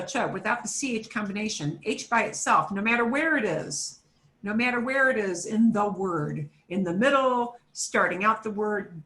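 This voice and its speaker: A woman's voice: medium pitch, bright, forceful tone. Patient woman teaching Spanish pronunciation. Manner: patient, repeats words for students to echo. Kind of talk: online language class.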